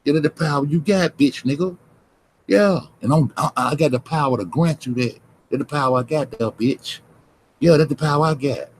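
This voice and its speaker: A man's voice: a little high, moderate pace, slight background noise, poor audio. A man, ranting profanely and confrontationally at his livestream chat. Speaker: livestream host.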